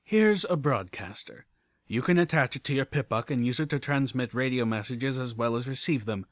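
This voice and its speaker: A man's voice: mid-range voice, normal speed, no room sound, natural voice. A man voicing a tough female griffin mercenary leader, clipped and businesslike. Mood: explaining.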